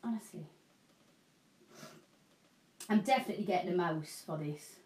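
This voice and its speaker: Against a noisy background, a middle-aged woman hosting a live shopping channel speaks at a moderate pace in a lowish voice. She rambles chattily with viewers, pokes fun at herself, and is having a hot flush.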